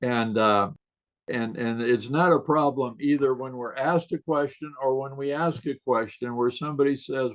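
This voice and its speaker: A man speaking over a video call, sharing stories in an easy, storytelling way. He often chuckles at his own punchlines, and his voice sits at a middle pitch. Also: moderate pace, rough recording. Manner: warm anecdotal delivery, laughs at his own stories. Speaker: guest author on questions. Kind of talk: casual interview storytelling.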